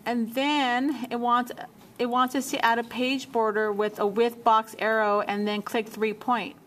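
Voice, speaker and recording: A woman teacher walking a class through a software task step by step, repeating menu names as she checks her work. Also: on the high side, little pitch movement, a little slow, slight background noise. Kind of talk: software tutorial walkthrough.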